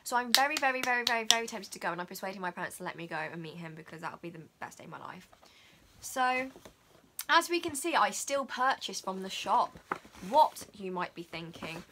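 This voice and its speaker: A teenage girl, chatting excitedly and dramatically about her makeup haul. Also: mid-range voice, noisy background. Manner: gushing, dramatic, fast-talking. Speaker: beauty vlogger.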